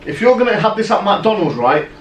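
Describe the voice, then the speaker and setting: A man co-hosting a podcast, telling stories in casual, animated chat full of "right?" asides. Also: high voice, brisk, far from the mic. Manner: animated storyteller, lots of "right?" and "yeah?" asides. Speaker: podcast co-host. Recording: roomy echo, off-mic, faint noise.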